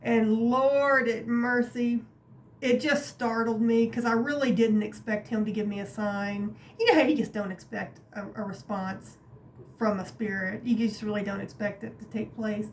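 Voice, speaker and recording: A woman vlogger telling a personal story in a chatty, animated way, with many fillers and some laughter, from her craft room at home. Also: fairly high pitch, normal speed, a little hiss or hum. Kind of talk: casual storytelling to camera.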